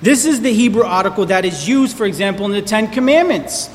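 A man's voice: high-pitched, expressive, fairly quick, big-room sound, slight background noise. A man preaching a sermon, emphatic and repeating key words for stress. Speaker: pastor.

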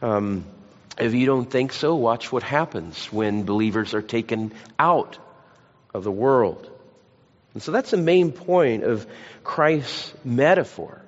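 A man's voice: mid-range voice, lively intonation, takes it slowly. A man preaching a sermon, mixing scripture with folksy, self-deprecating stories. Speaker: pastor. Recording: lo-fi church hall recording.

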